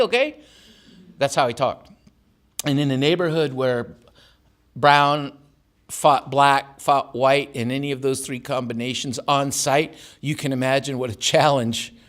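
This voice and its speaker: Older guy telling funny family stories to a campus crowd, wry, laughs along, medium voice. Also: mid-range voice. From born in Tijuana, raised in San Diego. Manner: anecdotal, wry, laughs at his own stories. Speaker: author giving a talk. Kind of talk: storytelling lecture. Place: campus auditorium.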